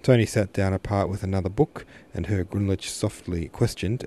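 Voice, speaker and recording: Male podcast narrator, classic novel reading, low pitch, mellow tone, unhurried. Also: slight background noise. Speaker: podcast host, literature reader. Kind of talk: audiobook narration.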